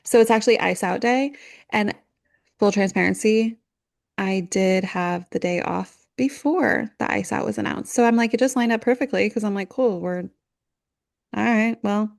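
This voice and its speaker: Woman co-host, 30s, relaxed casual chat, easy delivery. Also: medium pitch, normal speed, gravelly. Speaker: podcast co-host.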